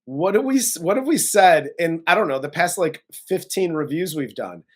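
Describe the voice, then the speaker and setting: A man's voice: fairly high pitch, expressive, normal speed. A man co-hosting a casual movie review chat, recapping the plot with frequent laughter and plenty of swearing. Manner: profane, laughs often, blunt opinions. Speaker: co-host of a movie review show.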